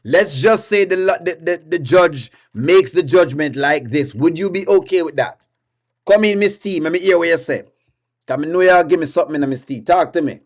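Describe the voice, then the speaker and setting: A man's voice: on the high side, normal speed. A man with a Jamaican accent hosting a casual livestream, coaxing viewers and repeating himself as he reads their comments aloud.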